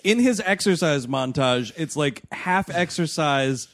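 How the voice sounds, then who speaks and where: A man's voice: a little high, lively intonation, unhurried, a bit bright. A man co-hosting a comedy movie-review podcast, ranting in an exasperated way. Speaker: podcast co-host.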